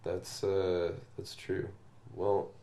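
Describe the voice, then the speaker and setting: Deep-voiced male podcast host, rambling. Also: drawn-out words, gravelly. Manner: relaxed, rambling, lots of fillers. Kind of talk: casual conversation.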